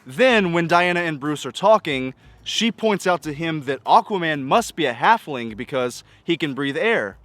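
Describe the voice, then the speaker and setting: Exasperated man with a higher voice. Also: lively intonation, moderate pace, few pauses, a bit bright, dry recording. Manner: exasperated, nitpicking, piles up rhetorical questions. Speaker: film reviewer. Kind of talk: casual spoken movie review.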